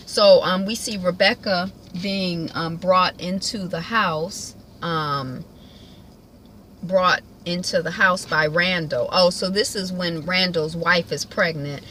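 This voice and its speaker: A woman's voice: fairly low pitch, steady tone, slow pace, fairly bright tone, slight background noise, poor audio. A woman at home giving a casual, colloquial recap of a TV episode, chatting and acting out the characters' lines. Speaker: TV recap vlogger.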